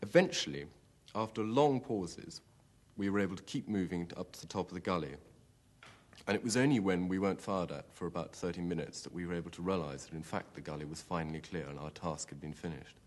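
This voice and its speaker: A man, a former platoon commander, giving a steady, matter-of-fact account of a fight in a documentary interview. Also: sits low, a little fast. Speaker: army platoon commander recalling a battle.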